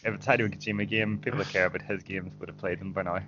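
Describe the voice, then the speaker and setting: A man's voice: low voice, fairly even intonation, racing, a bit bright. A man on a casual gaming podcast who speaks bluntly and swears casually. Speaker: podcast co-host. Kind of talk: casual chat. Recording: dull lo-fi recording.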